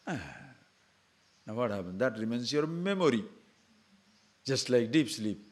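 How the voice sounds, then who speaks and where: A man's voice: mid-range voice, sing-song, normal speed, long pauses. An older man giving a spiritual discourse, talking conversationally with mocking asides and acted-out quotes. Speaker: spiritual teacher.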